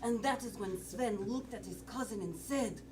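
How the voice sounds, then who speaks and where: A woman improv player narrating a story slowly and drawn out. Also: on the high side. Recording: distant mic in a theater with a crowd.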